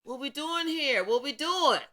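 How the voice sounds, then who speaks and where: A woman voicing God as a stern male deity who confronts the listener with rapid, repeated questions. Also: sits high, expressive, pushed and bright, pitched above the performer's own voice, full character voice. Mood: demanding.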